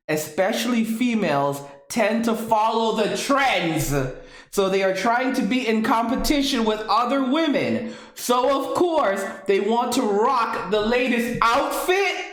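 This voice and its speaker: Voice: medium pitch, reverberant. A host reading out viewer comments in a casual commentary, who keeps breaking into laughter and sounds tired, the voice worn from laughing.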